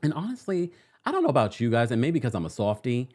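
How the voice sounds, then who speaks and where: Guy chatting about a reality show, lively voice that jumps up and down, acts out what people said. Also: mid-range voice, fast talker. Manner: animated, acts out quotes, reads viewer comments. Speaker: reality TV recap host. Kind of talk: casual chat to viewers.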